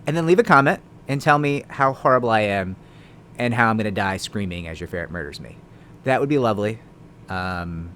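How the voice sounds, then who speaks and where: A man's voice: lowish voice, a bit bright, slight background noise. A man, a lawyer, explaining the law in a casual video, talking conversationally with tag questions and dry sarcastic asides.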